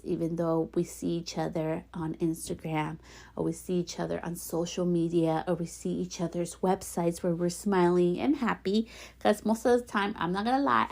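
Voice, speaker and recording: A woman hosting her own podcast, talking earnestly and encouragingly straight to the listener, repeating gentle affirmations. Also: fairly low pitch, gravelly. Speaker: podcast host. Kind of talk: heartfelt solo podcast talk.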